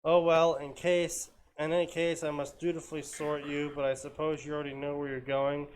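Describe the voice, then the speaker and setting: Guy doing a pompous talking magic hat, loud and dramatic, voice pushed up high. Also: level tone, fairly quick, slight background noise, lightly acted, rough recording. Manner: grandiose, theatrical, loud.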